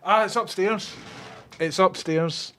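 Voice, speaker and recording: A Scottish man on a casual live stream, his voice sitting a little higher than most men's. He is chatty and excitable and speaks straight to his viewers through a phone strapped to his head. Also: slow pace, slight background noise. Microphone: phone mounted on his head.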